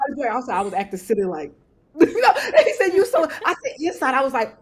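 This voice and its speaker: A woman's voice: on the high side, animated, a little fast. A woman author, a podcast guest, chatting casually and acting out quoted voices, often laughing.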